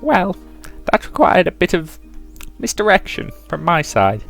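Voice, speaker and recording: Give me a man putting on a boastful heroine's voice for a game read-through, pitched well up and swinging wildly. She talks in a grand, theatrical way and sounds pleased with herself. Faint music sits underneath. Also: very animated, a little slow, creaky, fairly bright tone, heavily acted. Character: brash bold young adventurer woman. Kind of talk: reading game dialogue aloud.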